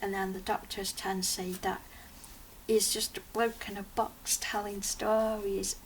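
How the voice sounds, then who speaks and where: Woman fan reviewer, casual and excitable, flat-ish pitch, slight background hiss. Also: unhurried. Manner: chatty, excited, rambling with restarts. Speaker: TV episode reviewer.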